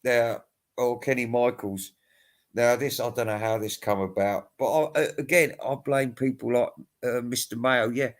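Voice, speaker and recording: A man's voice: mid-range voice, fairly even intonation, normal speed. Tired, profane man ranting. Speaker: music vlogger. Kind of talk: casual rambling monologue.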